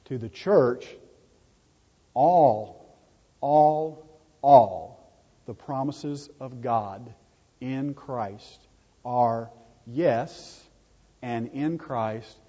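A man's voice: medium pitch, dark tone, slightly rough. A man preaching a sermon, emphatic and repeating key words for stress. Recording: dull lo-fi recording in a reverberant hall.

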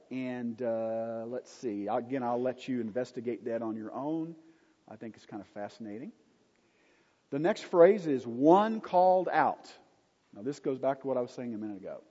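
A man teaching a Bible study, unhurried and emphatic, with conversational asides. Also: mid-range voice, mellow, breathy edge. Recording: dull lo-fi recording in a reverberant hall.

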